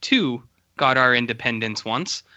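Canadian man, podcast co-host, bright and sharp tone, joking rambly delivery, slightly muffled recording. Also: mid-range voice, animated, measured pace. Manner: joking, rambling with many fillers. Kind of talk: casual chat.

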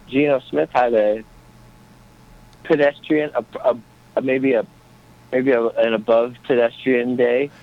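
A man's voice: medium pitch, steady tone, a little slow, long pauses. A man calling into a casual sports talk show from a small airport, joking and rambling. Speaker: co-host calling in. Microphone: phone call. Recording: muffled phone line.

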